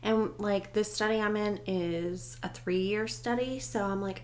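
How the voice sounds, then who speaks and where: A woman's voice: mid-range voice, steady tone, measured pace, hardly any pauses, slight background noise. A woman co-hosting a casual chat podcast, talking freely and quoting her own thoughts aloud. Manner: chatty, quotes her own thoughts, laughs easily. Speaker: podcast co-host.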